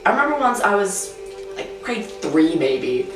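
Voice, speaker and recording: A teenager talks frankly in a casual personal interview, peppering everything with "like." The voice is medium-pitched and sing-song at a measured pace, picked up by a distant mic in a roomy space with faint music.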